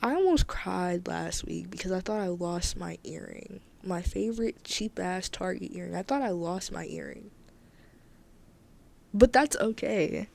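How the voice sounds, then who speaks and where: A woman's voice: fairly low pitch, lively intonation, a little slow, gravelly, a little mellow. A woman hosting her own podcast, talking candidly and emphatically in a casual solo monologue, often repeating herself for emphasis. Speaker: podcast host.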